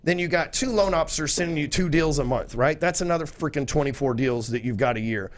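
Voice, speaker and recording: A man's voice: fairly high pitch, fast talker. A man, a podcast guest talking in a blunt, profane, salesy way. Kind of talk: casual chat.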